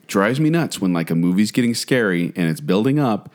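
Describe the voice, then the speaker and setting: A man's voice: lowish voice, lively intonation, a little fast. A man co-hosting a casual chat show, opinionated and laughing often. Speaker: podcast co-host. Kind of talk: casual chat about movie etiquette.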